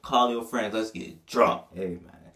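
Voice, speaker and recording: A man's voice: on the low side, a little slow, fairly bright tone. A man giving a casual, profane album review, full of slang and breaking into bits of the lyrics. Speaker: music reviewer.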